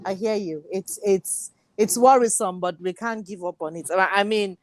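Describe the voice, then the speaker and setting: Soft-spoken Nigerian woman guest. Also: mid-range voice, normal speed, a little hiss or hum. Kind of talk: casual chat.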